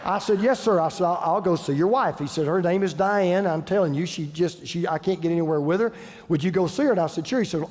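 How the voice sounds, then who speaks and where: A man's voice: on the high side, a little mellow. A middle-aged man preaching a sermon, emphatic and conversational, telling a story with repeated phrases. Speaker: pastor. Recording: long reverb of a large auditorium.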